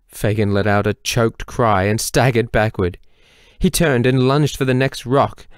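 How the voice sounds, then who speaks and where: A man reading a novel aloud as an audiobook narrator, in a measured way that slows for tense moments. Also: lowish voice, darkish tone, no room sound, clean studio sound. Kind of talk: scripted narration.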